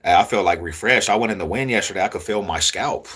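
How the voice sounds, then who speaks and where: A young man talking casually to his viewers in street slang, repeating himself in a loose, drawn-out way. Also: sits low, a bit bright, slightly rough. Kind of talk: casual street talk to camera.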